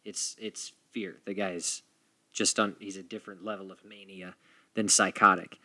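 Brief: playful male podcast moderator, very bright sharp tone, dry close sound. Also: low voice, flat delivery, normal speed, no room sound. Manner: playful, theatrical announcing. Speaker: podcast host moderating a debate. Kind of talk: casual moderating chat.

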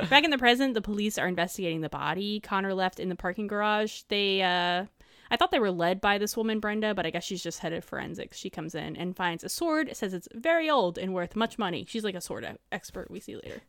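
Female co-host, casual film recap, quick laughs and easy swearing, medium pitch, dead-dry sound. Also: fairly bright tone, no echo. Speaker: podcast co-host. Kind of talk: casual film review chat.

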